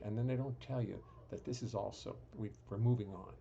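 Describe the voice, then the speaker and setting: A man's voice: on the low side, quick pace, gravelly, few pauses, mellow, breathy edge, dull audio. A man hosting a live stream from his home music studio, chatting casually with dry humor and rambling restarts. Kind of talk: casual chat.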